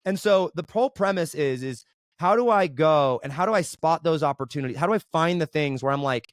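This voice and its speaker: Fast-talking animated man, guest storyteller. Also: a little high, no room sound. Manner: animated, keeps asking "right?". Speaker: podcast guest, entrepreneur. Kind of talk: casual interview storytelling.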